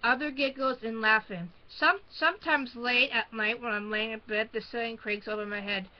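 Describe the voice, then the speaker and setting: Higher-voiced woman reading aloud. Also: steady tone, muffled recording. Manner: halting reading with frequent restarts. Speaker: storybook reader. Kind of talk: first-person read-aloud of a horror book.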